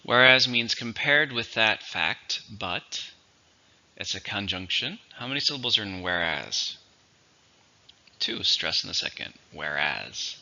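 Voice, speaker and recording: Gravelly-voiced man teaching vocabulary. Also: fairly low pitch, lively intonation, pushed and bright, dull audio. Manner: methodical, repeats words slowly for syllables and stress. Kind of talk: vocabulary lesson.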